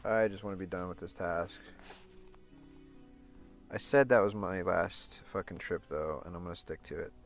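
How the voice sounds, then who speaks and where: A man's voice: low-pitched, steady tone, moderate pace, long pauses, soft background music. A man streaming a game, talking in a profane, rambling rant full of restarts and repeated words. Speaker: gaming streamer. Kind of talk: casual chat over gameplay.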